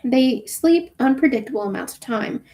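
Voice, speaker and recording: A woman's voice: high-pitched, expressive, normal speed, warm tone. A woman reading the part of a wry, nerdy male scientist stranded in space, in her own voice. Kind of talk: reading a novel aloud.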